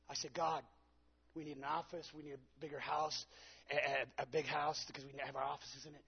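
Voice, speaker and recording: Husky, gravelly preacher man. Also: mid-range voice, steady tone, fairly quick, dull audio. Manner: dramatic storytelling, acting out his own quotes. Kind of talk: sermon.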